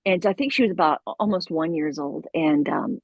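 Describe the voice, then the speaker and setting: A middle-aged woman guest telling a story in a casual, animated way, with lots of laughs and fillers. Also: fairly low pitch, fairly quick, breathy edge, no room sound, dull audio. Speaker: voice actor guest.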